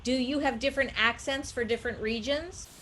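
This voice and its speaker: A woman's voice: sits high, brisk, sharp tone. A woman hosting an interview, asking curious questions and passing along questions from viewers. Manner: curious, relaying audience questions. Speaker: host interviewer.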